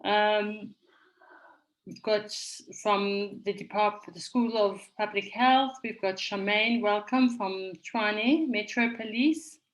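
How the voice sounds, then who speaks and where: Measured woman facilitating an online conference. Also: mid-range voice, muffled recording. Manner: measured, orderly, reads names from the chat. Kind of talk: moderating an online conference session. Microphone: video call.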